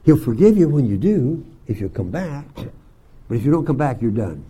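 An older man teaching a Bible school class, telling folksy stories and often clearing his throat. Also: mid-range voice, big pitch swings, normal speed, mellow. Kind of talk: sermon to young students.

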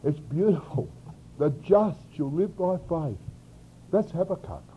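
A man preaching an expository sermon, swinging from loud emphasis to quiet asides. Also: fairly high pitch, lively intonation, a little slow, a little hiss or hum. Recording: dull lo-fi sermon recording.

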